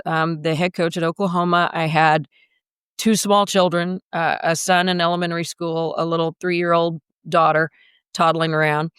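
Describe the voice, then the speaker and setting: Woman telling a vivid, clear-voiced story. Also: fairly low pitch, fairly bright tone, no room sound, clean studio sound. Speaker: guest basketball coach. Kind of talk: podcast storytelling.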